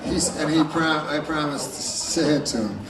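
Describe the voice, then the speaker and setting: A man doing stand-up comedy with a deadpan, rambling delivery, on stage before a laughing audience. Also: fairly high pitch, normal speed, very noisy. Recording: roomy, distant live stage recording. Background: loud audience laughter.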